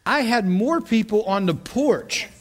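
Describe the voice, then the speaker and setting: Animated high-voiced preacher, drawl. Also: male voice, measured pace. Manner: animated storytelling with frequent laughs and repeated words. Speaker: pastor. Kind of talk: sermon, teaching a class.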